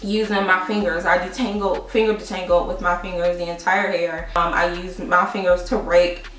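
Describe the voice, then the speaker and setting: A young adult woman vlogging a casual product review, telling her story in an animated, chatty way with frequent laughs and asides to viewers. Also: fairly low pitch, normal speed. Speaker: beauty vlogger. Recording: roomy, distant mic with faint music.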